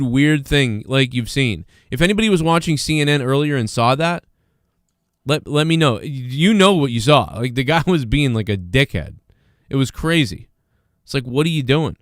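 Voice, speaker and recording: Rambling, smooth-voiced male livestream host. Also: mid-range voice, no echo, studio quality. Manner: rambling, many fillers and restarts; sarcastic, mocking. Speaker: livestream host reading chat. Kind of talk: casual livestream commentary.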